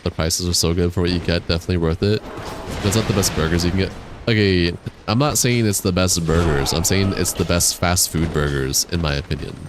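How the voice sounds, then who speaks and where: A young man with the hiccups, chatting casually and slangily with his viewers while he plays a game. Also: low-pitched. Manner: slangy, reads viewer chat aloud and answers it. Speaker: game streamer. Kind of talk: casual live-stream chat while gaming. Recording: game sounds and explosions behind voice. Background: loud game noise, artillery fire.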